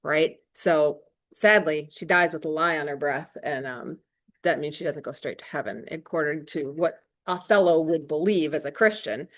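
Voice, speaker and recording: Chatty lower-voiced woman teacher. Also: normal speed. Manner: chatty, emphatic, slangy asides with rhetorical questions. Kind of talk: casual classroom explanation.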